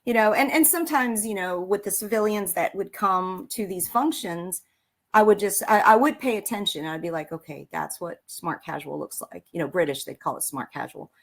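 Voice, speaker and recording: A woman's voice: medium pitch, expressive, brisk. A woman military veteran and author telling her story in a casual interview, rambling with many fillers and restarts.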